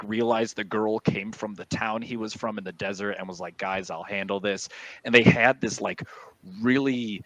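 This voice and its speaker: A man, a guest on a video call, telling stories from his tabletop games in an animated, laughing way. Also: on the low side, no room sound, poor audio. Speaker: guest, D&D player. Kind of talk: casual storytelling on a video call.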